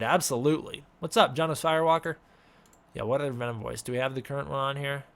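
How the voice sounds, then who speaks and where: A man hosting a casual live-stream Q&A, giving offhand, halting answers to chat questions. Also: medium pitch, fairly even intonation, a bit bright. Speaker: host.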